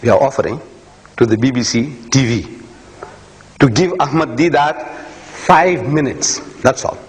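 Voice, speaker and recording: A man's voice: mid-range voice, unhurried. Impassioned man lecturing in an echoey hall. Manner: impassioned, emphatic, repeats phrases. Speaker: speaker. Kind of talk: public lecture. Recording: echoey hall, faint ambience.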